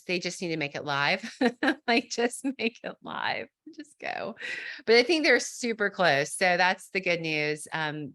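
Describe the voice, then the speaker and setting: A woman's voice: fairly low pitch, a bit bright. A woman hosting a casual team video call, upbeat and chatty.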